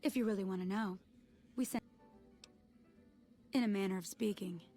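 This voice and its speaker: A woman's voice: mid-range voice, normal speed, dark tone, faint music behind, lightly acted. A woman playing a weary, guarded soldier. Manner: guarded, matter-of-fact.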